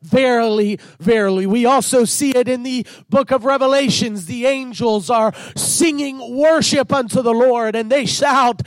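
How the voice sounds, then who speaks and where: A man preaching as a pastor, fervent and emphatic, building into shouted passages. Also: extremely high pitch, measured pace, few pauses, no room sound. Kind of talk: sermon.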